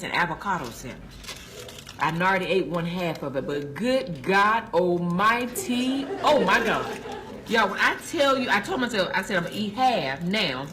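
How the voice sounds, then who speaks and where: A woman's voice: on the low side, fairly bright tone, a little hiss or hum. A woman filming herself in a car, gushing over a sandwich with preacher-like praise and talking with her mouth full. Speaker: food vlogger. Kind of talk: casual selfie video review. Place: inside a car.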